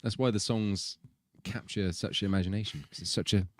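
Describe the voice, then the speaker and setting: A man's voice: lowish voice, fairly even intonation, normal speed. A man co-hosting a live singing stream, chatting in a playful, teasing way. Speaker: singer and co-host.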